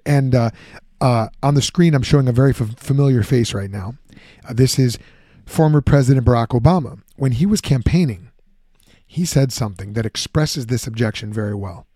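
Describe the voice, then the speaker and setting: A man giving a lively, conversational Bible teaching, often acting out the objections he answers. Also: mid-range voice, dry recording, clean studio sound. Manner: animated, conversational, acts out objections.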